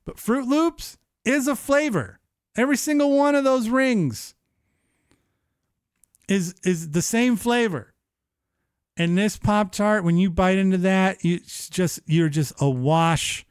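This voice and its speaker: A man in his thirties hosting a live-streamed show, chatting casually in an animated, profane, rambling way. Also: high-pitched, smooth, no room sound, clean studio sound. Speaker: livestream show host.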